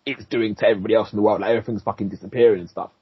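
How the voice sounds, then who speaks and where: A man, co-hosting a podcast and excitedly recapping an episode in slangy, sweary casual chat. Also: fairly low pitch, very fast, slightly rough, no room sound. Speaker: podcast co-host. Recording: dull lo-fi, dry.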